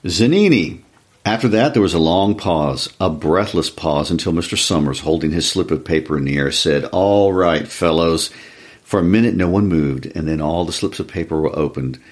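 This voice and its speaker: A man reading a short story aloud in a calm, even storytelling manner, shifting his voice for each character. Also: very deep voice, a little fast, hardly any pauses, slightly rough. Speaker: reader.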